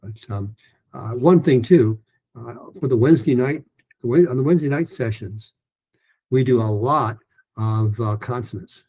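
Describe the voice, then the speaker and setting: A man teaching a pronunciation lesson, explaining hand gestures in a relaxed, informal way with many fillers. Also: mid-range voice, moderate pace, breathy edge, lo-fi sound. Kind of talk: online lesson.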